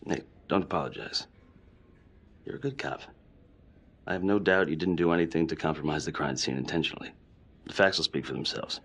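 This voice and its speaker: An actor playing a steady male police chief in a video game cutscene, calm, measured and paternal. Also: very deep voice.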